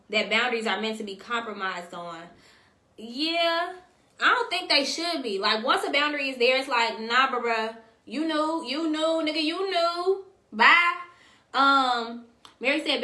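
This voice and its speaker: A woman's voice: fairly high pitch, pushed and bright. A woman hosting a casual livestream, reading out viewer comments and talking straight to her viewers in a slangy, chatty way. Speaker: host. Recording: echoey room.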